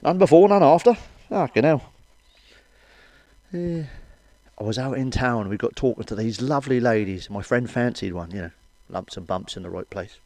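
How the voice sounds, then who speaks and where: A middle-aged man rattles through blue stand-up gags. He swears constantly and keeps checking "you know what I mean?" His voice sits in an ordinary middle pitch, recorded close and dry with no room echo. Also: expressive, normal speed, a little mellow. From Wales. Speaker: comedian. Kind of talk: crude stand-up joke telling.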